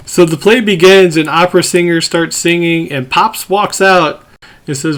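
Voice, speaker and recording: A man with a slightly higher voice recaps a movie for his podcast. He tells it scene by scene and jumps into animated voices for the quotes. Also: moderate pace. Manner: narrates scenes, acting out quotes in lively voices. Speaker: podcast host.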